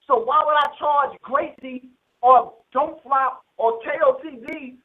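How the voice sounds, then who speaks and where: A high-voiced man tells a long story from an interview, swearing freely and acting out every phone call in quotes. The sound is thin and tinny, as if heard down a phone line. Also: fairly even intonation, measured pace. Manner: profane, streetwise, retells phone calls with quoted dialogue. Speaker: battle rapper in an interview clip.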